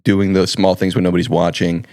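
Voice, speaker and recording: A man co-hosting a faith podcast, relaxed and agreeable, often answering with short affirmations. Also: sits low, brisk, vocal fry, no room sound, studio quality. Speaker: podcast co-host. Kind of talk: casual faith podcast chat.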